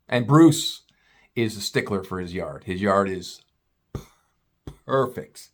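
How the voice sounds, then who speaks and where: A man telling a story in a casual, animated way, swearing freely. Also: lowish voice, takes it slowly, long pauses. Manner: animated, profane, conversational.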